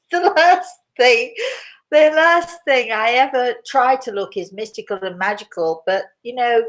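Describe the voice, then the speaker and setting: An older British woman hosts a casual livestream, chatting with her audience and taking their questions in a British accent. Her voice is fairly high and fairly bright, and she speaks slowly with long pauses. She rambles, chats freely and laughs easily.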